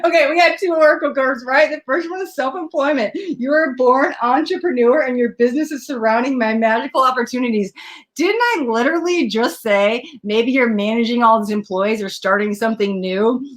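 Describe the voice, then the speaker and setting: A woman giving a live tarot reading on a laptop mic, chatty and excitable, quick to laugh and gushing over the cards. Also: high voice. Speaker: tarot reader. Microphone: laptop built-in.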